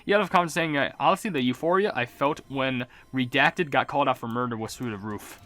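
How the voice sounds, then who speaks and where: A man casually reading out viewer comments as a gaming YouTuber, rambling and self-mocking, relaxed as if he just woke up. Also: mid-range voice, fast. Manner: rambling, self-mocking, swaps swear words for silly substitutes; relaxed and laid-back.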